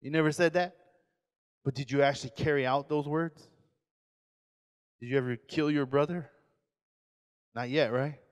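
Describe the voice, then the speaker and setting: A man in his forties, a pastor giving a lively sermon lecture, acting out quoted voices and questioning his audience. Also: mid-range voice, normal speed, long pauses, smooth, big-room sound. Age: 40s.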